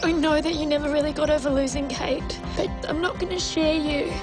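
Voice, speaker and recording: Actress playing a jealous clingy woman from a drama trailer, high voice, loud score blaring under her lines. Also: fairly even intonation, brisk, over loud music, close to an everyday voice. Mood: possessive.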